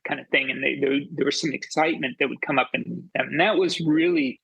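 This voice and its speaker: A man recounts his years guiding others in a relaxed interview, stopping and restarting his phrases. His voice is gravelly with a husky grain. The sound is dry and close. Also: mid-range voice, no echo, dull audio. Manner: halting, restarts phrases often. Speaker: former tracking club leader. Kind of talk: casual interview storytelling.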